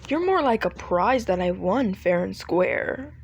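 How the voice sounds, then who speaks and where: A woman's voice: on the high side, lively intonation, slow pace, a little hiss or hum. Vox, a woman voicing a possessive TV demon. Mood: coaxing. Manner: smooth, coaxing, quietly controlling. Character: possessive male TV-headed demon overlord. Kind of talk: fan audio role-play.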